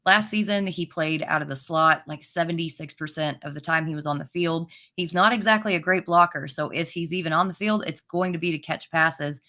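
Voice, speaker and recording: A woman's voice: low voice, brisk, hardly any pauses, sharp tone. A woman fantasy football analyst talking casually on a panel, with a chatty manner.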